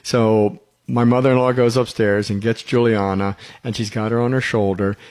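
A man's voice: lowish voice, steady tone, normal speed, darkish tone. A middle-aged man hosting a radio talk show, telling rambling stories in casual conversation and chuckling often.

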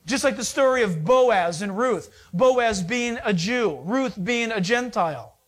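A man's voice: high voice, expressive, measured pace. A man preaching a sermon, retelling the story in a casual, conversational way and acting out the people's lines. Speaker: pastor.

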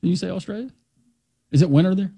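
A man co-hosts a sports radio show with a gravelly, husky voice and a dark, relaxed tone. He throws in wry, joking asides during casual banter, recorded dry and close. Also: sits high, fast talker, no room sound. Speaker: radio co-host.

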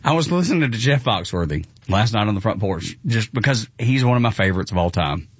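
A man hosting morning radio talk, excitable and jokey, laughing often. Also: fairly low pitch, a little fast, husky, no echo, lo-fi sound. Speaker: radio host.

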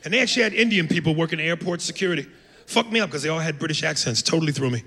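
A man doing a brash, profane stand-up set on a comedy club stage, with loud acted-out voices. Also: fairly high pitch, lively intonation, rapid-fire, vocal fry. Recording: live club with long reverb, noisy.

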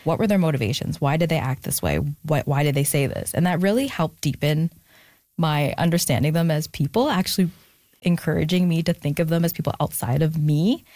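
A woman's voice: low-pitched, brisk, warm tone, dry recording. A young adult woman, an author being interviewed, talking reflectively with frequent fillers and restarts. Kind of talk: candid conversational interview.

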